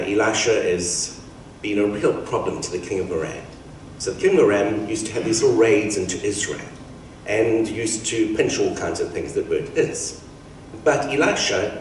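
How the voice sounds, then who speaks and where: Preacher in an echoey hall. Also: male voice, fairly low pitch, a little mellow, far from the mic, a little hiss or hum. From Australia. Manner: conversational preaching, acts out quoted voices. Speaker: pastor. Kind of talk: sermon. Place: church hall.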